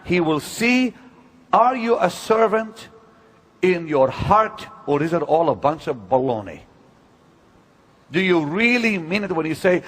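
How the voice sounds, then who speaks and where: Older male preacher, fairly high voice, animated, emphatic storyteller. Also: unhurried, long pauses. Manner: emphatic, storytelling, swings from loud to hushed. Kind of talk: sermon-style teaching talk.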